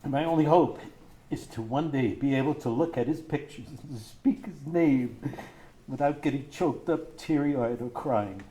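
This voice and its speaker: A middle-aged man reads a statement to a courtroom, his mellow, darker voice tearful and choked. He halts and breaks as he struggles through his grief, speaking as a bereaved father. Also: mid-range voice, slight background noise. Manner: grief-stricken, halting, voice breaking. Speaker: grieving father giving victim statement. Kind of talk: reading a prepared statement in court.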